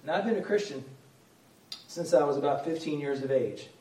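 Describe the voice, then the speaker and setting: A man's voice: fairly high pitch, a little fast, mellow, slight background noise. A middle-aged man preaching a sermon, earnest and conversational, repeating key phrases for emphasis. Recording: echoey room, voice from far off.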